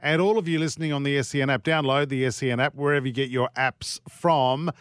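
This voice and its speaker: A man's voice: mid-range voice, fairly even intonation, smooth, no room sound. Australian male radio host, dry studio sound. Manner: chatty, teasing, quick asides. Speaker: radio sports show host. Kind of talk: casual radio banter. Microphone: studio microphone.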